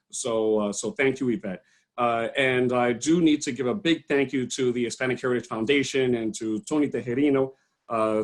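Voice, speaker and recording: A middle-aged man giving a halting talk with many fillers and restarts, speaking on a video call. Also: mid-range voice. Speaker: panel speaker. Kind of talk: online panel talk.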